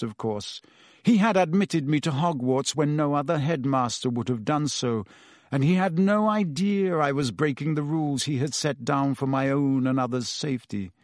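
A weary, remorseful male teacher, as a man reads him in an audiobook. He talks heavily, confessing old faults with open self-disgust. The voice sits a little high and the sound is dry and close. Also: dry recording, lightly acted. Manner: heavy, confessional, self-reproaching. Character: weary, guilt-ridden adult male teacher. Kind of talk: audiobook character reading.

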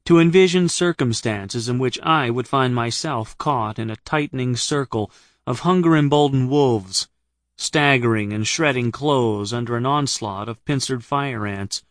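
A man from the United States gives first-person audiobook narration of his own comic travel memoir, wry and understated, read near the microphone. His voice is mid-range and the audio has no echo.

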